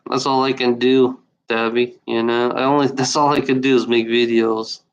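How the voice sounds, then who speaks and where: A man vents in a loose, unscripted video rant. He speaks bluntly and swears often, stumbling through restarts and fillers. His voice sits at an ordinary middle pitch. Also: little pitch movement, moderate pace, highs cut off. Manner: blunt, profane, repeats himself with many fillers. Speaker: video maker.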